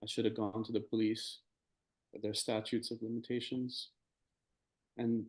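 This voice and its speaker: A man, a podcast guest, telling a personal story in a halting, hesitant way with many pauses and restarts. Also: lowish voice, flat delivery, a little mellow, rough recording. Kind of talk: personal testimony in conversation.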